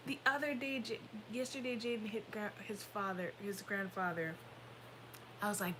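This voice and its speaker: A woman co-hosting a casual talk show, telling animated stories about her children and acting out their voices. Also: medium pitch, normal speed, slight background noise, rough recording. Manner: animated storytelling, acts out her kids' voices. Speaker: podcast co-host. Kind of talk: casual chat.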